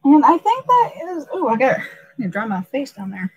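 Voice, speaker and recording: A woman's voice: high-pitched, huge pitch swings, a little fast, breathy edge, dull audio. A woman hosting a casual live stream, rambling and emotional, laughing often and filling gaps with "uh" and "um".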